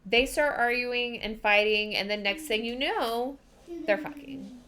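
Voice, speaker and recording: A woman's voice: fairly high pitch, unhurried, crowd noise. A young woman hosting a book podcast, giving a chatty, rambling recap full of fillers. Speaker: podcast host.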